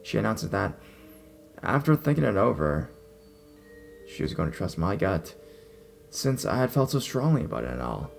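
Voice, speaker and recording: Gravelly guy telling a scary story, intense and sweary, quiet music under him. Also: on the low side, very animated, moderate pace, pauses often. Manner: intense, profane, emphatic storytelling. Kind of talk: dramatic horror story narration. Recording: faint background music.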